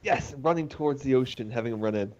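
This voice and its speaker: A man's voice: medium pitch, quick pace, highs cut off. A man playing in a tabletop game, eager and pushy, arguing for his moves in casual chat. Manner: eager, argumentative, bursts of excitement. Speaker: player.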